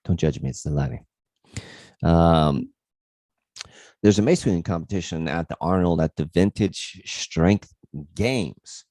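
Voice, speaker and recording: A man's voice: low voice, measured pace, long pauses, a little mellow, no echo, studio quality. A man hosting a fitness livestream, telling a rambling story in a casual way and swearing freely.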